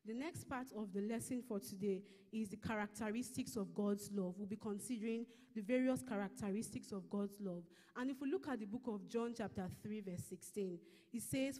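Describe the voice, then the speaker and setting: A woman with a Nigerian English accent giving a measured Bible lesson at a church service, reading scripture slowly and explaining it. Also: medium pitch, dark tone, long reverb tail. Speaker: church minister teaching a lesson. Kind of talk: sermon-style Bible teaching.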